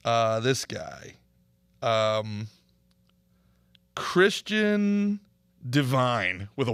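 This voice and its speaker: A man hosting a podcast, talking casually in an animated, opinionated way. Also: medium pitch, vocal fry, no room sound. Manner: animated, opinionated ranting with laughs. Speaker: podcast host and comedian.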